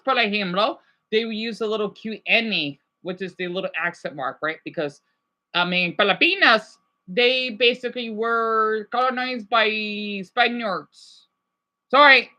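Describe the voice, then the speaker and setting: Casting: American man, bright voice, rambly live-stream chatter, stumbles and restarts. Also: high voice. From United States. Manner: rambling, many restarts and fillers. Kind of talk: casual live chat with viewers.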